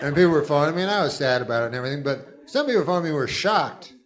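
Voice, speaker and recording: A middle-aged man delivering stand-up in a flat, deadpan way. His voice sits a little high for a man. He rambles and stops himself with halting asides. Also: heavy background noise. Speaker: stand-up comedian. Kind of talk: stand-up routine.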